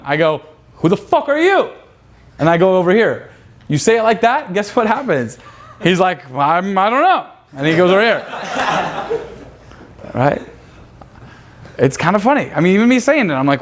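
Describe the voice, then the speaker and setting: A man leading a live seminar, brash and profane, firing rhetorical questions at his audience. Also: high voice. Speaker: seminar instructor.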